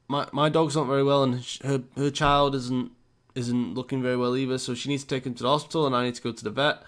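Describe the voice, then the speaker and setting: A British man playing a surly middle-aged man with a sick dog, speaking low and muttering. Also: fairly even intonation, quick pace, a bit bright, natural voice. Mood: pleading.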